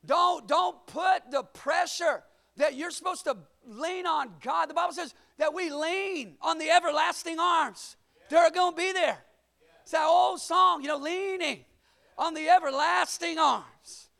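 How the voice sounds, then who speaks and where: A man preaching a lively sermon, shouting at the peaks and calling on the congregation to answer back. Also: extremely high pitch, a little slow, gravelly. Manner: energetic, shouting at peaks, call-and-response. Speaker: pastor.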